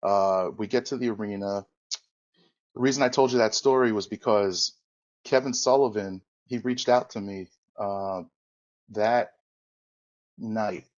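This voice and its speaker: A man's voice: fairly low pitch, a little slow, pauses often, darkish tone, highs cut off. A man guest on a podcast, casually telling a long anecdote, correcting himself and acting out the quoted voices. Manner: rambling, self-correcting, acts out quoted dialogue. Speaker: podcast guest, former wrestler. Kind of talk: casual storytelling interview.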